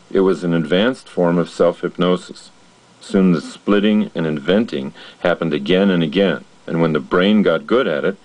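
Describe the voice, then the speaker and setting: A man giving an earnest, measured motivational narration about personality and change. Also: low voice, darkish tone, rough recording.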